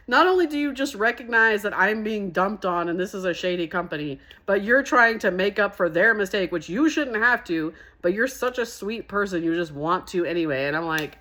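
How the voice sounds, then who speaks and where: A young woman telling a story in a casual vlog, animated and sassy, laughing often between lines. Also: mid-range voice, normal speed. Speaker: vlogger.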